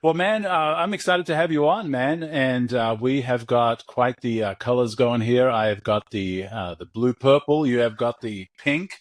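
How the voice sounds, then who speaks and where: A man's voice: mid-range voice, normal speed, hardly any pauses, no echo, studio quality. A man hosting a podcast interview, friendly and joking, laughing easily with his guest. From Australia. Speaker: podcast host.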